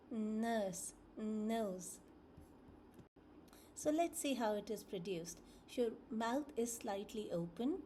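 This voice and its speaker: Slow patient lady teaching phonics sounds, repeats each one, soft mellow tone, a bit of room hum. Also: on the high side.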